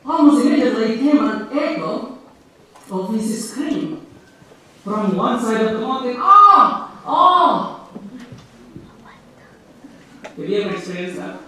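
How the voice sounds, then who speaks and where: A man's voice: high voice, moderate pace, a little mellow. A man from the Philippines with a Filipino accent, preaching a sermon that tells a story and asks his congregation questions. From Philippines, Ilocos Norte. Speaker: pastor. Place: church in Canada. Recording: echoey church hall, distant mic.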